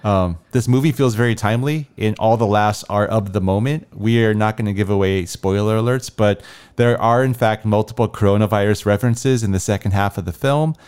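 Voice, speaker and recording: A man co-hosting a casual movie review podcast, with a lowish voice that is smooth and resonant. He talks in a measured, analytical way, often agreeing with a quick yeah. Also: a little mellow. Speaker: podcast co-host. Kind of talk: casual film review chat.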